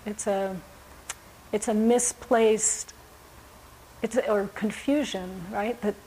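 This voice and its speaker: A woman giving a Buddhist dharma talk, speaking in a gentle, reflective way with frequent pauses and fillers. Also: medium pitch, slight background noise, poor audio. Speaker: Buddhist teacher.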